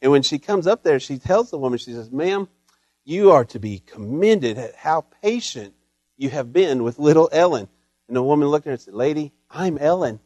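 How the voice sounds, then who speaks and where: A man's voice: fairly high pitch, animated, normal speed, a little mellow, dry recording. A middle-aged man preaching a sermon in a folksy, storytelling way with touches of humor. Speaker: pastor. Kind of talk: Mother's Day sermon.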